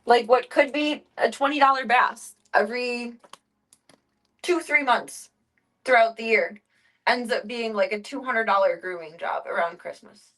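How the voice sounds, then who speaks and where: A young woman streaming from home, her voice sitting somewhat high. She talks in a loose, chatty way, rambling and cursing now and then. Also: unhurried, a bit bright, poor audio. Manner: chatty, swears casually, coos in baby talk to her cats. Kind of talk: casual livestream chat.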